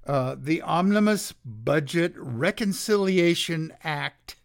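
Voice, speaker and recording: A podcast host reads political commentary from his notes slowly and sardonically, pausing often as his throat dries out. His voice is on the high side with lively intonation.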